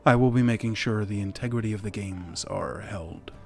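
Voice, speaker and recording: An elven male lead instructor at a magic academy, voiced by a man, speaking slowly and formally. Quiet music sits in the background. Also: lowish voice, voice pushed down, natural voice. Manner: slow, formal.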